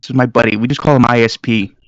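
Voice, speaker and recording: A man's voice: mid-range voice, steady tone, rapid-fire, dry recording, highs cut off, close to an everyday voice. A man voicing a small, chatty male kobold student who talks in an easygoing, rambling way. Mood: laid-back.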